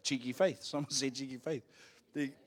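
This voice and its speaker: A man's voice: mid-range voice, fairly even intonation, normal speed. A man with a New Zealand accent, a pastor preaching a live church sermon, telling a personal story in a jokey, playful way and getting the congregation to call out phrases. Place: church service.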